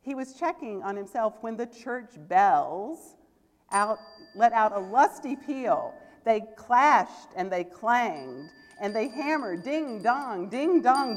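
A woman leading a church service, reading a story aloud with expressive delivery, then speaking gently to the congregation. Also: fairly high pitch, long reverb tail. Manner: expressive, animated reading that turns soft and gentle. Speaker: service leader.

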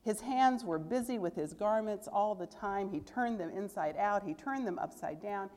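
A woman leading a church service, reading a story aloud with expressive delivery, then speaking gently to the congregation. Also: mid-range voice, normal speed, long reverb tail. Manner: expressive, animated reading that turns soft and gentle. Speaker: service leader.

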